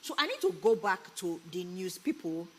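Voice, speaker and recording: A woman's voice: lowish voice, big pitch swings, normal speed, darkish tone, a little hiss or hum. A woman with a Nigerian accent co-hosting a talk show, explaining the news in a chatty way and checking in with her co-host with tag questions. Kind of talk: casual Pidgin news discussion. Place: broadcast studio.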